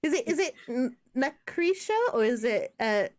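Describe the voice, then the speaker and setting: A woman's voice: high-pitched, expressive, normal speed, a little mellow. A woman running a tabletop game as game master, chatty and self-deprecating.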